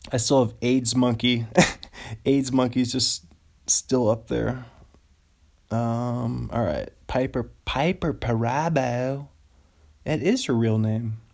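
A man hosts a solo podcast in a slow, gravelly voice. He rambles from one thought to the next and hypes up his own jokes. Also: mid-range voice, darkish tone. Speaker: podcast host.

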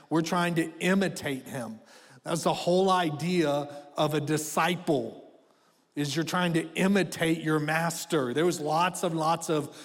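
A man in his thirties preaching a sermon as pastor, conversational and direct, asking the congregation to speak back. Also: a little high. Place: church auditorium. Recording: long reverb of a church hall.

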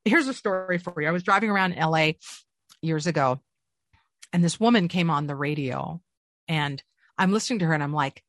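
A middle-aged woman, a voice actress, telling stories in a casual interview with an animated, swinging delivery. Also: fast talker, no echo, studio quality. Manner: animated storyteller with lively swings in pitch. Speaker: voice actress, guest.

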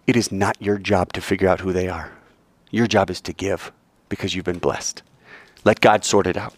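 Lively man teaching a Bible class. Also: low voice, moderate pace, no room sound. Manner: animated storyteller who acts out quoted voices. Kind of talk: informal sermon to a class.

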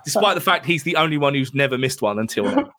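A man's voice: mid-range voice, sing-song, fast, fairly bright tone. Sweary jokey guy reviewing a film. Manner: sweary, jokey, acts out bits in silly voices. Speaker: podcast co-host. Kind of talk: casual film review chat.

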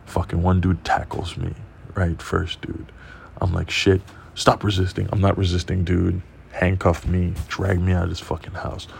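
A man hosting a podcast, telling a profane, animated story in casual monologue. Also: low-pitched, moderate pace, creaky, slight background noise. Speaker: podcast host.

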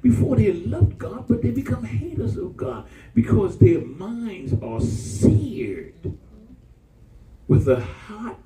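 A man's voice: takes it slowly, a crowd in the background. A man preaching a sermon to a church congregation, calling for responses and mixing humor with warnings. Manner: call-and-response preaching, jumps to high excited pitch. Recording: roomy church from far off.

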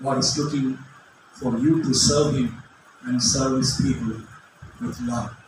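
A middle-aged man preaching with passion and non-native phrasing, now and then shouting, recorded from a distance in a large hall. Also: mid-range voice, steady tone, a little slow. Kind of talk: sermon. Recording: echoey hall from far off, faint noise.

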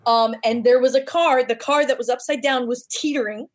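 A woman's voice: a little high, brisk. A woman guest telling a personal story casually, acting out the voices she quotes. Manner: animated, acts out quoted voices.

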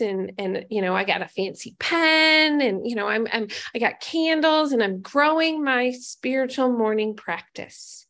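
A woman with a slightly higher voice shares her own recovery story. She talks candidly and pokes fun at herself, now and then turning to ask her listeners questions. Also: a bit bright. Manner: candid and self-mocking; conversational, asks the audience questions. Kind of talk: personal recovery testimony.

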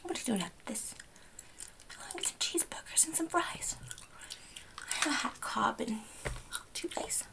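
A woman's voice: a little high, animated, moderate pace, vocal fry, long pauses. A woman voicing a chatty, rambling female makeup counter clerk with a put-on New Jersey accent in a whispered role-play, chewing gum as she talks, close to the mic. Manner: rambling, gushing, chews gum while talking.

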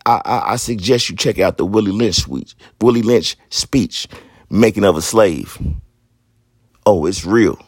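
A man's voice: low-pitched, gravelly, a little mellow, dry recording, studio quality. A man in his thirties hosting a podcast, telling his own story in blunt, profane street talk. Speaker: podcast host. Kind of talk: candid personal monologue.

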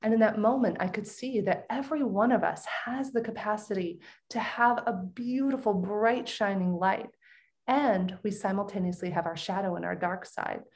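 Woman, middle-aged, podcast guest, expressive storyteller, frequent laughter. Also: medium pitch, normal speed. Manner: animated, expressive storyteller who laughs often. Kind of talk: personal storytelling in conversation.

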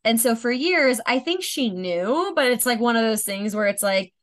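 A woman's voice: a little high, expressive, moderate pace. A young woman co-hosting a podcast, telling a candid story in a rambling way full of fillers, a little tipsy. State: slightly intoxicated. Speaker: podcast co-host. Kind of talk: casual confessional chat.

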